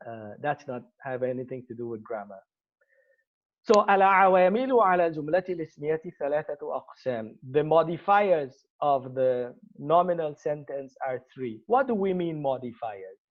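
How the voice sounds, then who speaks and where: A man teaching an online grammar lesson, spelling out terms slowly and calling on students by name. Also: fairly high pitch, expressive, narrow, tinny audio. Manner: slow, deliberate drilling of Arabic terms, calling on students.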